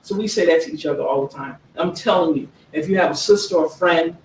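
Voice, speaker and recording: A woman author presenting her own book, reading passages aloud slowly and earnestly and checking in with listeners with "okay?". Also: deep voice, darkish tone. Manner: earnest, slow emphatic reading, frequent "okay?" check-ins. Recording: echoey room, distant mic, faint background noise.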